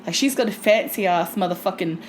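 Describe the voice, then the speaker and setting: A woman's voice: lowish voice, a little fast, slight background noise. A young woman co-hosting a podcast in casual chat, rambling, swearing and laughing often. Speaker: podcast co-host.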